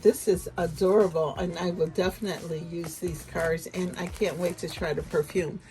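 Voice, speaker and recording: A woman's voice: mid-range voice, mellow, poor audio. A woman chatting casually at her home desk as she unboxes gifts for her viewers, gushing with delight. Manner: gushing, breathy exclamations of delight. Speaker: unboxing vlogger.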